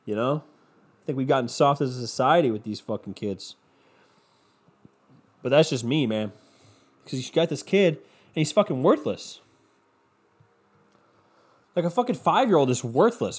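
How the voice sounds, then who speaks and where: A man's voice: medium pitch, sing-song, moderate pace, pauses often, slightly rough. A man ranting in a sarcastic, profane, rambling comedic monologue as a podcast host. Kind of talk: comedic rant.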